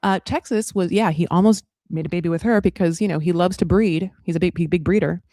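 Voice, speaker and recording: A woman's voice: fairly low pitch, mellow, no echo. Gossipy woman host, dry close sound. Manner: chatty, gossipy, acts out the cast in quick voices. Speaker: podcast host recapping a reality show. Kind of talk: casual chat.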